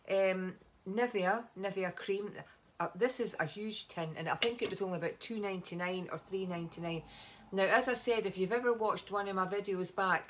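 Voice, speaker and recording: A woman's voice: mid-range voice, fairly bright tone. A Scottish woman chatting casually in a home beauty vlog, rambling with many ums and asides. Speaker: vlogger.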